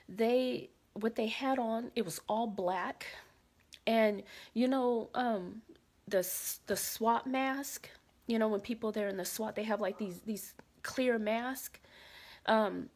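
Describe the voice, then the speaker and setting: A woman casually recounting a frightening dream, repeating phrases and dropping into whispers for quoted lines. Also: mid-range voice. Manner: dramatic retelling, drops to whispers for quoted lines; animated, repeats phrases, many fillers. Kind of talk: casual spoken storytelling.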